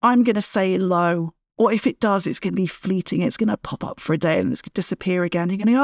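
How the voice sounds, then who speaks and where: A woman's voice: mid-range voice, quick pace, hardly any pauses, no room sound, clean studio sound. Blunt, emphatic woman coaching. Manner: direct, emphatic, tough-love coaching. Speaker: podcast host and fitness coach. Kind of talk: solo podcast monologue.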